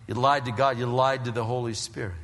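Male pastor, conversational sermon delivery, bright forceful tone, long hall reverb. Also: medium pitch, fairly quick. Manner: animated and conversational, with frequent restarts.

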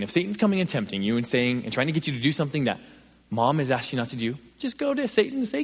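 A young adult man preaching a sermon, mixing scripture with a funny story and building to energetic emphasis. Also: mid-range voice, quick pace, slightly rough, in a large hall. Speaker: pastor.

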